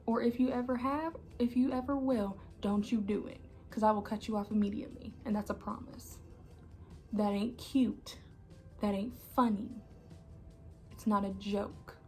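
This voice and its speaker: A young woman gives an impassioned personal monologue, angry and emphatic, repeating herself and often dropping to an intense hush. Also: mid-range voice, fairly even intonation, normal speed, soft background music. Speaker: channel host.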